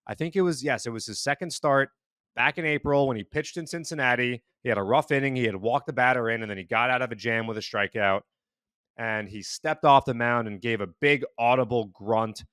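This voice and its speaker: A man hosting a casual sports podcast, recapping numbers in a steady, measured way. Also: mid-range voice, smooth, no room sound, studio quality. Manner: steady, stat-heavy recapping. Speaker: podcast host.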